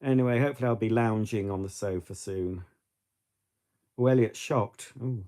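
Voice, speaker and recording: Middle-aged British man, mellow voice, casual vlog chat, rambling asides. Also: mid-range voice, normal speed. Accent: British English. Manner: chatty, rambling, with frequent restarts and asides. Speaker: vlogger.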